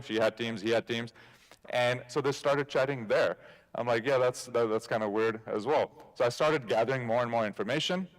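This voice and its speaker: A man giving a conference talk, telling a story in a casual way and acting out bits of dialogue. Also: fairly low pitch. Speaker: conference speaker. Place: conference stage.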